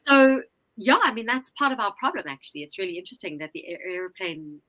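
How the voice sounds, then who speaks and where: A woman telling a story in a casual talk, lively and animated, swearing freely and acting out what people said. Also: medium pitch, quick pace, low-quality recording. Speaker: guest, Enneagram teacher.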